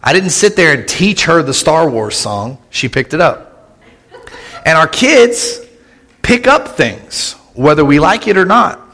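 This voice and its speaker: Joking pastor in a reverberant church. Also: male voice, fairly high pitch, sing-song, a bit bright. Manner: joking, conversational, with quick asides and laughs. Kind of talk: casual humorous sermon. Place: church sanctuary. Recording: long hall reverb in a church.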